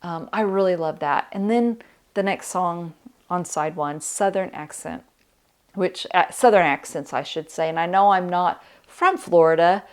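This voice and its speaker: A middle-aged woman hosting a vinyl record channel talks casually to the camera, reflective and heartfelt, often pausing with "uh" and "um." Her voice is smooth and on the low side.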